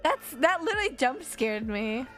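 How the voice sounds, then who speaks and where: High-voiced woman streamer reacting offhand. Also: sing-song, moderate pace, faint music behind. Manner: blunt, chatty and offhand. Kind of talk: casual live reaction commentary.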